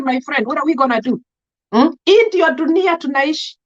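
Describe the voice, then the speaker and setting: A woman's voice: high voice, animated, fast talker, muffled recording. A woman with a Kenyan accent hosting a live stream, greeting viewers by name and speaking her mind in an emphatic mix of English and Swahili. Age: adult. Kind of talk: casual live-stream monologue.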